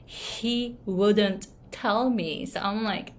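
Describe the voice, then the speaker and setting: A woman's voice: medium pitch, fairly even intonation, drawn-out words. A woman with a Japanese accent, coaching in a casual storytelling way, chatty with frequent fillers and tag questions. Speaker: online business and pronunciation coach. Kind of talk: casual storytelling advice to camera.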